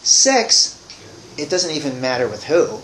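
A man with a slightly high voice addresses a recovery group in a room, talking loosely and informally. He stumbles, repeats words and restarts sentences, slipping in dry humor. Faint background noise sits under his voice. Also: animated, normal speed, echoey room, low-quality recording. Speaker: speaker sharing at a recovery meeting.

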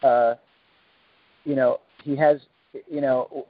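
A man's voice: mid-range voice, fairly even intonation, slow pace, no echo. A man giving an informal spiritual talk as a support mentor, rambling with fillers and acting out the people he quotes with dramatic flair. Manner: rambling with many fillers and restarts. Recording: tinny phone-like line.

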